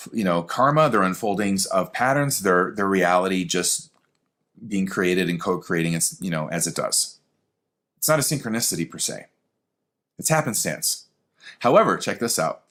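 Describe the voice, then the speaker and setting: A man giving a spoken lesson on intuition, animated and conversational, talking straight to the listener. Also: medium pitch. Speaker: spiritual teacher. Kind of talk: teaching lesson.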